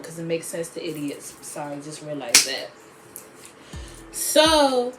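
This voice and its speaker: A woman vlogger telling a personal story in a chatty, animated way, with sassy asides. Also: fairly low pitch. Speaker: beauty vlogger. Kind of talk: storytime vlog.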